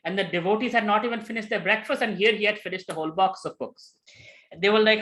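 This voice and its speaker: Animated male storyteller on scripture. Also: high-pitched, quick pace, low-quality recording. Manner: animated, with many fillers and acted quotes. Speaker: spiritual teacher.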